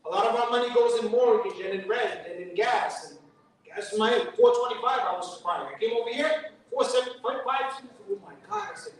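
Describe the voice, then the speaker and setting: A man with a New York accent giving a sermon at a mosque fundraiser, chatty and joking, with Arabic quotations. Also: very high voice. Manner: conversational preaching with joking asides and Arabic quotations. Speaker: guest speaker at a mosque fundraiser. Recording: echoey hall from far off.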